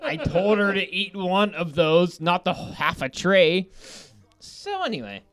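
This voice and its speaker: A man with a high, very lively voice tells a long, meandering story on a podcast. He swears freely and keeps breaking into laughter. Soft music plays faintly underneath. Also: measured pace. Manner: rambling, profane, laughing often. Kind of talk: casual storytelling chat.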